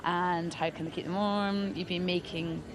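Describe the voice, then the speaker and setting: A woman's voice: on the low side, steady tone, normal speed. A Scottish woman presenting and rehearsing a live broadcast, chatty and self-deprecating, out in a busy city square. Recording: loud crowd outdoors.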